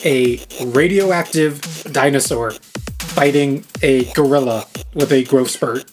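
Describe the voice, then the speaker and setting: A man co-hosting a casual podcast, cracking quick jokes and laughing often. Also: medium pitch, soft background music. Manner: joking, quick quips, frequent laughter. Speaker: podcast co-host. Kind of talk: casual banter.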